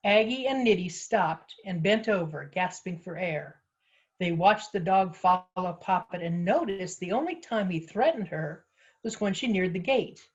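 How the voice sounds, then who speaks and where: A woman author reading her own story aloud with expressive, lively storytelling. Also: medium pitch, slightly rough. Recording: slightly muffled lo-fi audio.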